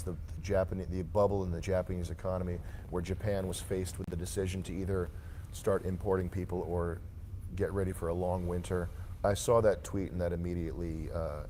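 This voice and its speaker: A man's voice: low voice, a little mellow, slight background noise. A man streamer giving opinionated, lecturing commentary in a reaction stream.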